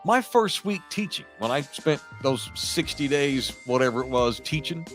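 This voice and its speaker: A man's voice: a little high, lively intonation, moderate pace, faint music behind. A man hosting a casual sports podcast in a studio, ranting with profane, sarcastic jokes and reading sponsor ads. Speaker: podcast host.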